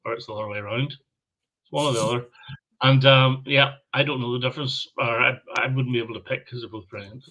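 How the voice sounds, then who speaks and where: Chatty British man with a bright voice. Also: medium pitch, low-quality recording. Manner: chatty, laughs often, jumps in with questions. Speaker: live stream co-host. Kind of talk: casual chat.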